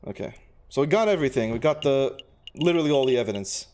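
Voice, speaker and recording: A man's voice: medium pitch, lively intonation, fast talker, darkish tone. A man casually talking through a game as a streamer, thinking aloud. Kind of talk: casual gameplay commentary.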